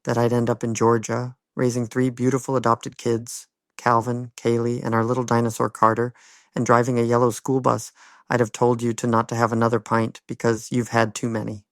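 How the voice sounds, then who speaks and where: A man's voice: medium pitch, monotone, brisk, no room sound. A man in his fifties with a Dublin accent, telling his own life story with wry, humorous asides. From Ireland. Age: 50s. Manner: wry, humorous anecdotal delivery. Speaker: school bus driver. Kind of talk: personal storytelling monologue.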